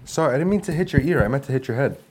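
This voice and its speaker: Teasing man with quick short remarks. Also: medium pitch, animated, darkish tone, a little hiss or hum. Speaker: podcast guest. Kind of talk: casual chat.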